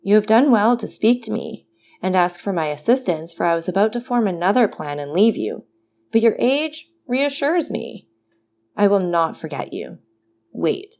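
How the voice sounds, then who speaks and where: A woman voicing a cautious older male prisoner who speaks in a guarded, measured way. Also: mid-range voice, very animated, darkish tone.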